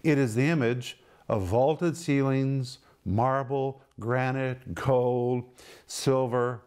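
A man's voice: mid-range voice, darkish tone. A middle-aged man teaching from the Bible on a broadcast program, emphatic and pressing rhetorical questions.

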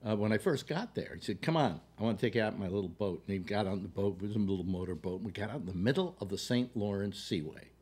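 Older male talk host, low voice. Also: animated, a little mellow, breathy edge. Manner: halting, full of fillers and restarts. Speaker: radio talk show host. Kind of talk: rambling anecdotal storytelling.

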